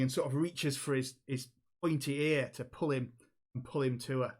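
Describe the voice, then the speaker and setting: A man's voice: medium pitch, steady tone, normal speed. A man running a tabletop game as game master, narrating with hesitant restarts. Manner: hesitant, many fillers and restarts.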